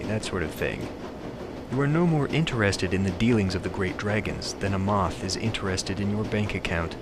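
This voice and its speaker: A man voicing an ancient dragon disguised as a suave gentleman who speaks in lofty, philosophical terms. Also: on the low side, noisy background, close to an everyday voice. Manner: slow, lofty, philosophical speech.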